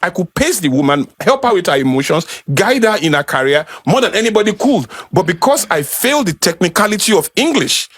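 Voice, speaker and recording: High-voiced Nigerian man speaking passionately. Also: big pitch swings, a little fast, few pauses, a bit bright, slightly rough. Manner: rhetorical, building emphasis. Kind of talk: passionate talk to a small audience.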